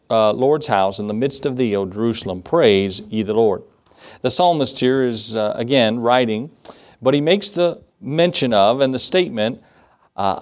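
A man's voice: mid-range voice, a little mellow. A middle-aged male pastor preaching a sermon in a conversational, storytelling way, with fillers and asides.

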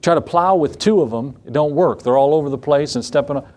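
Preaching man, slightly high voice. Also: fast, a little mellow. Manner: conversational preaching with rhetorical questions and repeated phrases. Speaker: pastor. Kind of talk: sermon.

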